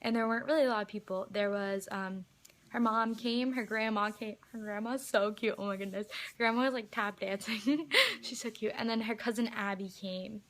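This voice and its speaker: Young woman, fan vlogger, excited storytime, gushing, filler-heavy, slightly high voice. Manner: gushing, fast, full of "like" and "um".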